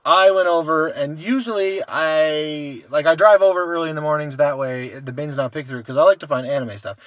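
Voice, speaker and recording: Talkative man, raised pitch, dry sound. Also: a little fast, fairly bright tone, no room sound. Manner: loose, rambling storytelling with frequent swearing. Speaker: podcast co-host. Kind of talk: casual chat.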